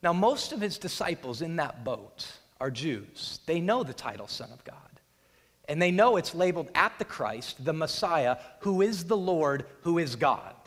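A man's voice: on the high side, sing-song, moderate pace, fairly bright tone. A man preaching a sermon, retelling a scripture scene with drama and acting out the voices of its people. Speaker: pastor. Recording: long hall reverb.

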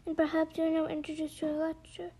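A woman voicing the sorrowful male Mock Turtle in a storybook reading, slow and mournful. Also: very high-pitched, monotone, dark tone.

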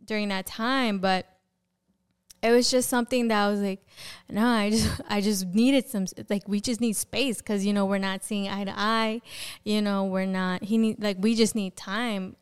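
Smooth-voiced young woman telling her story. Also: mid-range voice, moderate pace. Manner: animated storyteller who acts out quoted dialogue and fills with "like". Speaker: podcast guest. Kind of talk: personal testimony in a conversational interview.

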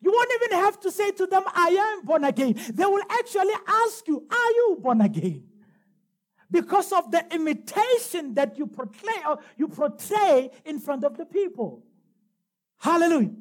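A woman delivers a sermon in a high voice that swoops up and down. She preaches emphatically and slows her words down when she reads scripture aloud. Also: sing-song.

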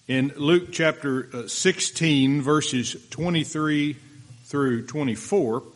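Slow, deliberate male preacher. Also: medium pitch. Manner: slow, deliberate delivery with pauses for notes. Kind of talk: sermon reading scripture.

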